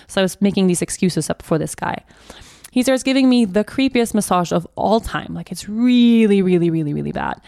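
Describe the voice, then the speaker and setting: A young adult woman hosting a podcast, telling a personal story in a halting way, often restarting and repeating herself. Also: mid-range voice, lively intonation, vocal fry, dark tone, dry recording, clean studio sound. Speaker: podcast host.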